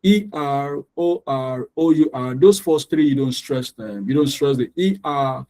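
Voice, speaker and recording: Mellow-voiced male English tutor drilling stress. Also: medium pitch, unhurried, low-quality recording. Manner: preachy, repeats words to drill stress patterns. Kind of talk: online pronunciation lesson.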